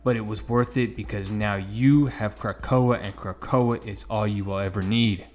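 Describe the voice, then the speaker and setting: A man reading out the lines of a commanding aged male mutant leader from a comic, low, quiet and solemn. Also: steady tone, moderate pace, lightly acted.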